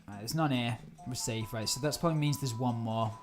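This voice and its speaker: A woman chatting through a live gameplay stream, easily startled and quick to laugh. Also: a bass voice, soft background music. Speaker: game streamer.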